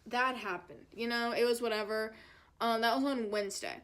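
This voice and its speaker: A young woman vlogger recounts her story in a chatty, dramatic style, peppering it with fillers. Her voice sits a little high, and she often drops into a lower, heavier tone for effect. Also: steady tone, moderate pace, a bit bright. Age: young adult. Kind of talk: storytime vlog.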